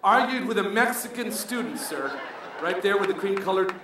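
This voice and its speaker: A middle-aged man from Colombia doing an animated stand-up comedy set, switching between English and Spanish to act out people. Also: high voice, moderate pace, distant mic. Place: comedy club stage with live audience. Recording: echoey club recording with crowd noise.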